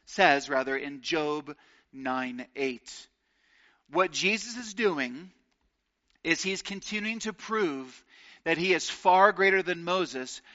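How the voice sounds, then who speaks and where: Man, pastor, sermon, earnest, slow on key phrases, dull lo-fi recording. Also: high-pitched, pushed and bright. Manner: earnest preaching, slows for emphasis on key phrases.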